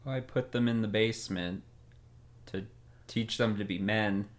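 A woman playing a bumbling middle-aged dad, gruff and proud of being manly, in an improv comedy scene. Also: rumbling low, moderate pace, voice pushed down. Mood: smug. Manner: gruff, pompous about manliness.

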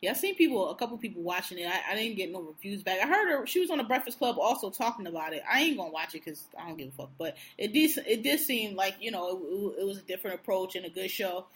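A woman co-hosting a podcast in casual chat, with a blunt, profane, animated way of ranting. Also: mid-range voice, fast talker, hardly any pauses. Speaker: podcast co-host.

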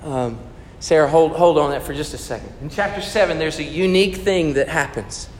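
A man with a high, bright-pitched voice delivers a sermon in a church, his words ringing with a long hall reverb. He swings from loud emphasis down to hushed, intimate storytelling. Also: brisk, slight background noise. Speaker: pastor.

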